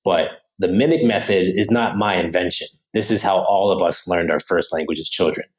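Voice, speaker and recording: American guy on a podcast, lowish voice, super animated, lots of like and right. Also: moderate pace, rough recording. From United States. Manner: animated, lively teaching, keeps checking in with "right?"; casual slangy delivery with many "like" fillers. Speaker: podcast guest, language coach. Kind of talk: explaining in a podcast interview.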